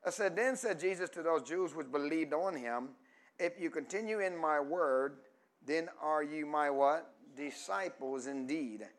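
A man pastor preaching a call-and-response sermon, asking the congregation questions and stretching key words slowly for emphasis. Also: on the high side. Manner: rises from quiet teaching to loud emphatic preaching.

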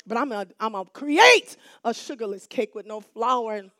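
A woman pastor preaching a sermon in call-and-response style, repeating phrases for emphasis and swinging between hushed lines and shouts. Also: on the high side, animated, normal speed, dry recording, clean studio sound.

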